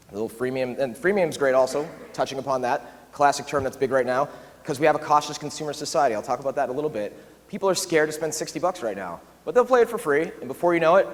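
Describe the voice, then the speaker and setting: Fast, animated man on a conference stage. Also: medium pitch. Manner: animated, quick, acts out quoted asides. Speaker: conference speaker. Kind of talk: keynote talk. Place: large conference hall. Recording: long reverb of a large hall.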